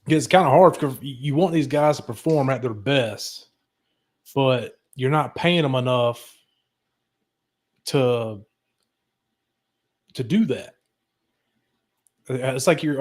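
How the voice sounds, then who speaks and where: A man's voice: medium pitch, takes it slowly, long pauses. A man co-hosting a podcast, talking loosely and laughing, apologizing after ranting. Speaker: podcast co-host. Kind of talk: casual chat.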